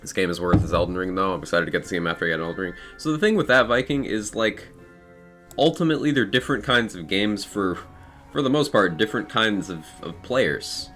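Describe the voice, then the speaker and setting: Deep-voiced groggy streamer, casual chat. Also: male voice, a little fast, a bit bright, faint music behind. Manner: reads out viewer names and thanks them, laid-back and chatty. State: groggy morning voice, tired. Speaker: live streamer. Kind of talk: casual live-stream chat while gaming.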